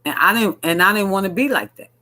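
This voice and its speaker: Earnest man, higher voice, candid chat. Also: fast, sharp tone, low-quality recording. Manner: earnest, candid, repeats and restarts a lot. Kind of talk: casual talk-show chat.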